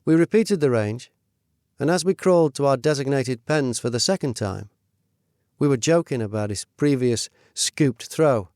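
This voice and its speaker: A middle-aged man reading his own memoir in a measured, steady storytelling voice. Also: mid-range voice, no echo, clean studio sound. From United Kingdom. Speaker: narrator. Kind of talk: first-person memoir narration.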